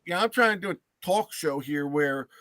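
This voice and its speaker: A man co-hosts a live talk show in casual, rambling banter, teasing the others. His voice sits a little high and sounds close and dry, with no room around it. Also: expressive, moderate pace, sharp tone, no echo. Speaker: co-host.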